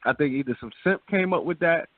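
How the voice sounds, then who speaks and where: A man's voice: on the high side, fairly quick, no room sound. Laid-back man co-host, lots of "you feel me". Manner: laid-back, repeats himself, says "you feel me" often. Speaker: radio show co-host. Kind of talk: casual frank chat. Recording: dry phone-like sound.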